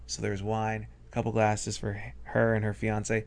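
Gravelly man telling stories animatedly. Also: fairly low pitch, moderate pace. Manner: animated, acts out the people in his stories. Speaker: stage hypnotist and guest. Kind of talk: comedic storytelling in casual chat.

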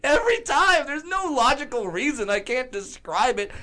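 An excitable man chatting casually on a podcast, stumbling over his words as he rushes ahead. His voice is bright and ringing. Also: very high voice. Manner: excitable, stammering, laughing.

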